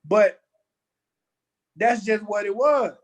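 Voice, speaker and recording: A man's voice: high voice, takes it slowly. A man, co-hosting a casual review show and making blunt, slangy, laid-back remarks. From Louisiana. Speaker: co-host.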